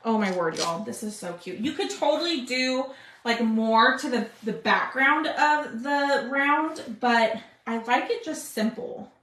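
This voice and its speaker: A woman's voice: fairly high pitch, animated, unhurried, fairly bright tone, echoey room. A woman hosting a live craft stream, chatting with viewers as she works. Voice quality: chatty, talks to viewers with "y'all". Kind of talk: casual live craft demo.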